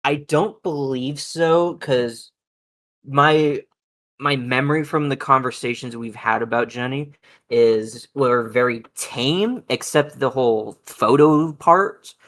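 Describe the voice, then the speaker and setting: A man's voice: medium pitch, slow, fairly bright tone. A man being interviewed, telling stories in a hesitant, matter-of-fact way with many fillers and restarts. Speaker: interview guest. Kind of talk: casual interview.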